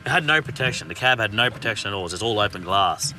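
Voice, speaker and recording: A man's voice: on the low side, quick pace, recorded from a distance, over music. A man, a podcast guest, telling a story in casual, swearing, laughing chat. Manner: swearing, laughing, animated retelling.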